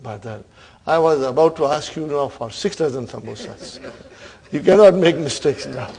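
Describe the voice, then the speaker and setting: A man's voice: fairly high pitch, animated, moderate pace, gravelly, a little mellow. A man teaching an Arabic grammar class, quizzing students and repeating terms with frequent checks of "huh?". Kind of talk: classroom lesson.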